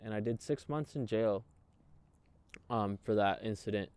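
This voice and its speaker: A man, a guest in an interview, telling his own story in a raw, emotional way, swearing freely and halting often. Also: lowish voice, darkish tone, smooth, dry recording. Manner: halting, many fillers and restarts. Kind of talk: candid personal storytelling.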